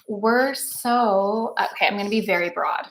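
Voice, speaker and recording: A woman's voice: medium pitch, unhurried, a little hiss or hum. A woman who works as a somatic breathwork coach, speaking as a podcast guest and telling her personal story in a chatty, earnest way with many fillers. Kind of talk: candid personal storytelling in an interview.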